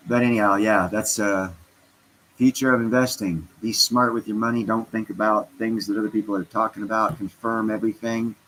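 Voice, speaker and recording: A man's voice: on the low side, flat delivery, a little fast, fairly bright tone, poor audio. A stoned man chatting casually on a livestream, rambling and interrupting himself as he talks to his viewers. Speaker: crypto vlogger.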